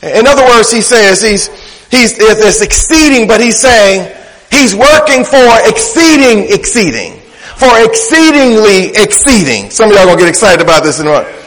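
Pastor guy preaching, kinda high voice, rhythmic and jokey, big church echo. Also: animated, normal speed, a bit bright. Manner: preacherly, rhythmic, playful asides, repeats words. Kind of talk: sermon.

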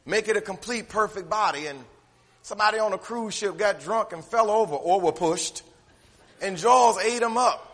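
A man preaching a sermon as pastor, folksy and conversational, moving from quiet asides to loud shouted lines. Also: sits high. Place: church sanctuary. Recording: echoey hall.

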